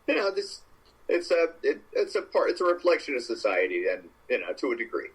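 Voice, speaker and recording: A man's voice: on the high side, big pitch swings, a little fast, husky, rough recording. A man co-hosting a podcast, giving rambling, joking opinions in casual chat. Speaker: podcast co-host.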